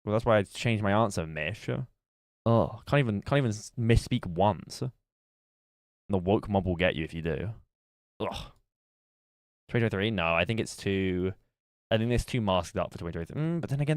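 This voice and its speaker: A man's voice: fairly low pitch, animated, fairly quick, long pauses, no echo, studio quality. A man streaming live, chatting casually and thinking aloud as he works through a guessing game. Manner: musing aloud while playing a guessing game. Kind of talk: casual livestream chat.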